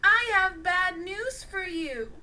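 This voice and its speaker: Storybook role: a woman playing a curt, stern male archer hero, high and bright. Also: lively intonation, slow, heavily acted.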